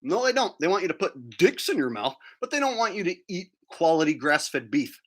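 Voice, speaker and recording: A man's voice: on the high side, sing-song, brisk, a bit bright. A man ranting crudely and combatively on a livestream, talking while eating. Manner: talks while chewing food. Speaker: streamer. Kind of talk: profane livestream rant.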